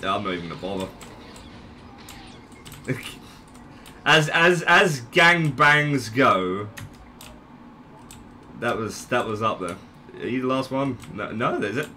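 A young man giving casual gameplay commentary, unhurried, swearing and laughing at his own plays. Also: mid-range voice, lively intonation, bright, forceful tone, a little hiss or hum. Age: young adult. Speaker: gaming channel host.

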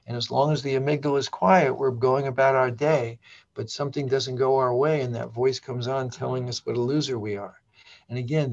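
A man's voice: mid-range voice, vocal fry, dull audio. An older man, a psychologist and author, explaining ideas in conversation and acting out the voices he quotes. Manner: animated storyteller who acts out quoted voices. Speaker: psychologist and author, podcast guest. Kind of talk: conversational explaining with acted examples.

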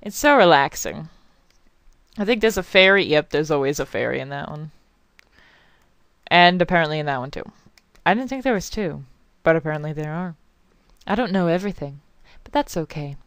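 A woman's voice: sits low, animated, normal speed, a bit bright, smooth, no echo. A young woman rambling and swearing through casual let's play commentary as a game channel host, apologizing often.

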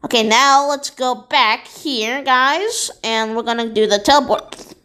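A woman doing SpongeBob, high and bright. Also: slow, slight background noise. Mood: excited. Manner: excitable, high-pitched, chattering to viewers. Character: cartoon sea sponge, male, excitable and goofy. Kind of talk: playing a video game in character.

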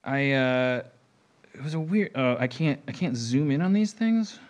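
A man hosting a podcast, talking in a rambling, animated way, restarting sentences and swearing. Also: medium pitch, measured pace. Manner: rambling, restarts often, swears, acts out quotes. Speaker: podcast host. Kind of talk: rambling comedic podcast talk.

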